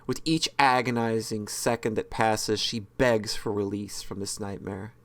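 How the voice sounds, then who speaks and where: Expressive man reading a game aloud. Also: fairly low pitch, unhurried. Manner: expressive reader, casual joking asides, frequent self-corrections. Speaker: let's-play host reading a visual novel.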